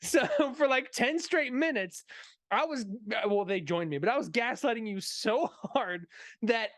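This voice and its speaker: A man's voice: very high-pitched, lively intonation, a little slow, a bit bright, no echo. Guy in his 30s, laughs through his stories, swears a lot, dry close sound. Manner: laughing, profane storyteller. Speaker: co-host. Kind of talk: casual chat.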